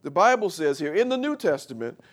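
Guy preaching, slightly high voice, slow scripture reading that builds louder with amen? callouts. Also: big pitch swings. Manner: call-and-response with the congregation; reads scripture slowly then explains, rising louder and higher. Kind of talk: sermon.

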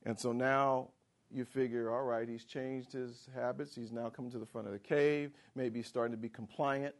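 A man preaching a sermon, swinging from loud proclamations to hushed quick asides, asking the congregation questions and acting out inner voices. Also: little pitch movement. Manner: swings from booming declarations to hushed, fast asides.

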